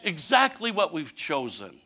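Bright, high-voiced preacher man in his fifties. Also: measured pace. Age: 50s. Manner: animated, mock-whining storytelling with a folksy drawl. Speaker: pastor. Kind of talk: humorous sermon.

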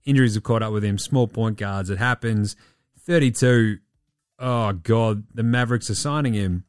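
A man hosting a casual podcast, swearing and rambling, his voice going hoarse. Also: fairly low pitch, normal speed, no room sound, clean studio sound. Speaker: podcast host. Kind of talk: casual basketball chat.

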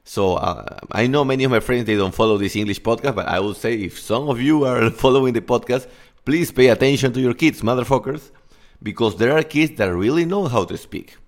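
A man in his thirties, a native Spanish speaker, talks through a casual podcast coaching session at a middle pitch. He is loose and candid, swears freely and drops short Spanish asides into his English. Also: animated, fairly quick. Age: 30s.

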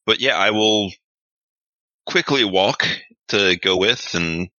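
Very deep-voiced man playing a tabletop game. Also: takes it slowly, bright, forceful tone, no room sound, dull audio. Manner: casual, profane, hesitant. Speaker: player. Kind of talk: tabletop role-play.

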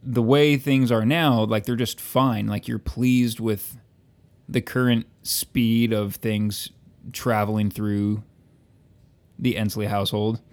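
A man's voice: lowish voice, steady tone, takes it slowly, a little mellow. A man co-hosting a podcast over a remote call, teasing dryly with lots of hesitant fillers. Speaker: podcast co-host. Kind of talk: casual podcast chat.

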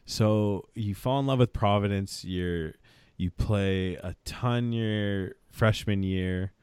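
A man hosting an interview podcast, excitedly reading out a guest's stats in casual chat. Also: lowish voice, slow, clear, resonant tone, dry recording. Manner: enthusiastic, reads out stats. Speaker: podcast host.

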